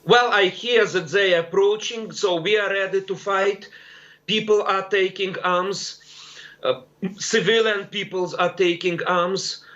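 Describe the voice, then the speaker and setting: A man's voice: high voice, fairly bright tone. Man, raised voice, urgent pleading guest on muffled remote call audio. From Ukraine. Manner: pleading, emphatic. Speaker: guest from a war zone. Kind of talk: urgent appeal on a live news link.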